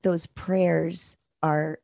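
A woman hosting a faith interview, speaking in a gentle, reflective, encouraging way. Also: deep voice, little pitch movement, very slow, vocal fry, no echo, clean studio sound.

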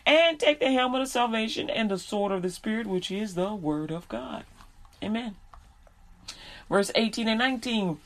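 Slangy preaching woman, fairly high voice. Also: lively intonation, moderate pace. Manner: reads scripture then explains in casual slang. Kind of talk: sermon.

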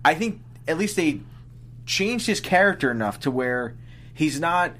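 A man's voice: on the high side, a little slow. A man from Philadelphia co-hosting a podcast, chatting casually and often trailing off mid-thought. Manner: animated, trailing off, restarts. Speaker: podcast co-host. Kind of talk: casual chat.

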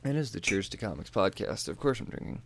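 Profane animated man recapping comics. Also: lowish voice, vocal fry. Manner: animated, profane, acts out characters in quick bursts. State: tipsy from drinking. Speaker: podcast host. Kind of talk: casual comic book recap.

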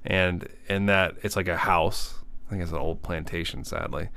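Podcast co-host, man, dry deadpan delivery, smooth resonant low voice, close and dry sound. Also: moderate pace, no room sound. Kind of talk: casual comedic chat.

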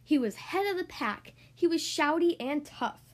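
A woman reading a rhyming children's picture book aloud in an expressive, sing-song way. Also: high-pitched, moderate pace. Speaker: podcast host reading children's books.

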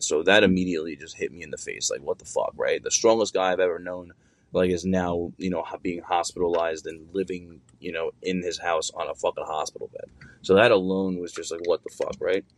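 A man's voice: low voice, brisk, no echo. A young adult man casually telling a long personal story, rambling and swearing with many fillers and restarts.

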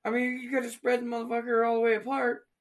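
A man co-hosting a crude casual chat, telling profane stories with loud, animated outbursts. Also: very high-pitched, quick pace. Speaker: podcast co-host.

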